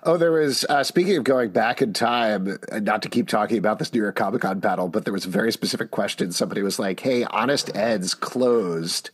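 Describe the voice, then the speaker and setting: A man's voice: fairly low pitch, quick pace, hardly any pauses, breathy edge. A man co-hosting a podcast in casual chat, wry and self-mocking, who doubles down on his jokes. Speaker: podcast co-host.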